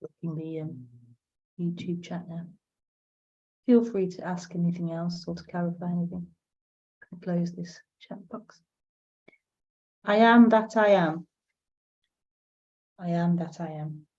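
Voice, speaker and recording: A woman's voice: lowish voice, flat delivery, normal speed, pauses often, dark tone. A woman hosting a live spiritual talk stream, musing aloud and answering chat questions with repeated phrases and many fillers. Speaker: host of a live spiritual broadcast. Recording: dull lo-fi stream audio.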